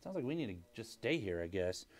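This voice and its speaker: A young man hosting a casual live-stream card break, hyping each card with loud call-outs of player names. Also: on the low side, big pitch swings, fast talker.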